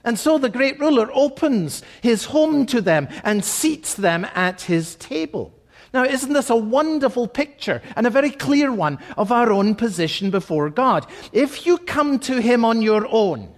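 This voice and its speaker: A man preaching a sermon as pastor, reading scripture verses and explaining them, slowing and dropping softly on key phrases. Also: extremely high pitch, sing-song.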